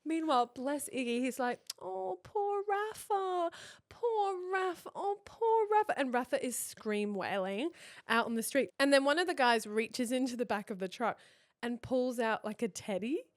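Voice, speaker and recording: A woman in her thirties, co-hosting a podcast and telling a story in casual chat, animated and laughing as she acts out what people said. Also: on the high side, normal speed. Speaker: podcast co-host.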